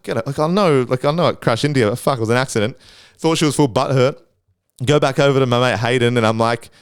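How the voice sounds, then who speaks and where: A man's voice: medium pitch, fast talker, clean tone, no room sound, studio quality. A young man telling a rambling, swear-filled story on his solo podcast, acting out his own panicked noises. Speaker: podcast host.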